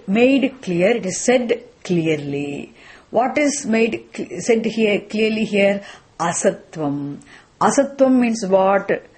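A woman's voice: medium pitch, a little mellow, husky. A woman teaching a scripture class, asking questions and answering them herself, repeating the key phrases. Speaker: Vedanta teacher.

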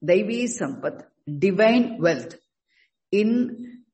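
High-voiced man teaching scripture, halting. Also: expressive, darkish tone, low-quality recording. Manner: halting, restarts words, slow emphatic stresses. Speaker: Vedanta teacher. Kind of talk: spoken scripture class.

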